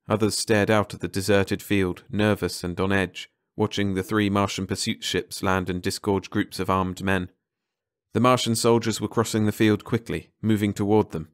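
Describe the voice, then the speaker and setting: A male audiobook narrator with a low voice reads a short story in a measured, dramatic way. The recording is close and dry, with no room sound at all.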